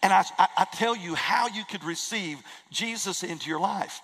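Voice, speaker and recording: A man preaching in a church, with an earnest, emphatic delivery that leans on repeated phrases. His voice sits a little high for a man and trails off into a long hall reverb. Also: normal speed, fairly bright tone, husky. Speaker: pastor. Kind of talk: sermon. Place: church sanctuary.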